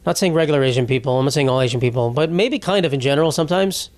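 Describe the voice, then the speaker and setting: A young man, twenties, hosts a podcast at a very fast clip, his medium-pitched voice slightly dark in tone and free of room sound. The comedy monologue rambles, swears, and often restarts.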